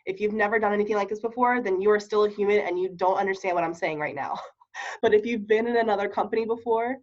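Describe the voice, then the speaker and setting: A woman's voice: medium pitch, fast. A woman giving a casual training talk on network marketing, chatty and laughing often, checking in with her listeners. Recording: dull lo-fi recording.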